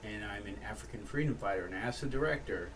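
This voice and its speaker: A man's voice: on the low side, quick pace. Man telling stories from a distance. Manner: animated storyteller, acts out quotes. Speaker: actor. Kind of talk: casual conversation. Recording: slightly distant mic with faint background noise.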